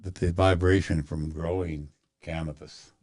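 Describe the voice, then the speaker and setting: A man on a casual podcast, firing pointed questions and musing softly about growing. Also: flat delivery, measured pace. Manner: asks pointed questions, muses in a low, soft voice.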